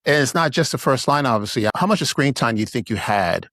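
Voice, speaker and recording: A man's voice: mid-range voice, expressive, fast, a bit bright, no room sound, studio quality. A man from Brooklyn, New York, hosting a podcast and asking long, enthusiastic, rambling questions. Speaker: podcast host. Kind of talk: casual interview chat.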